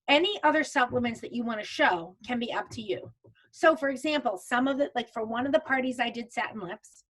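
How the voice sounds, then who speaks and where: A woman's voice: a little high, a bit bright. Chatty woman teaching a video class. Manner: chatty, walks through steps with restarts. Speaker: makeup consultant teaching a virtual class. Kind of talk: casual live video training.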